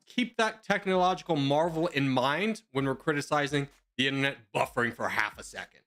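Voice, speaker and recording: A man's voice: mid-range voice, brisk, few pauses, fairly bright tone. A young man streaming from home, rambling and joking as he answers viewers' questions in casual chat.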